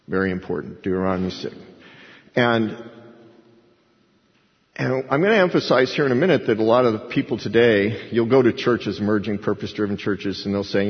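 A man's voice: on the low side, normal speed. A man preaching a sermon as pastor, in a conversational, folksy way with frequent restarts and emphatic repeats. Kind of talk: expository sermon. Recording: long hall reverb, dull lo-fi sound.

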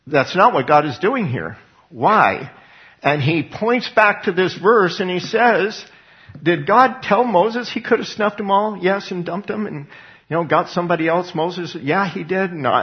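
A man preaching a sermon in an emphatic way, asking questions and answering them himself. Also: medium pitch. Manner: emphatic, asks and answers his own questions. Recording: dull lo-fi recording.

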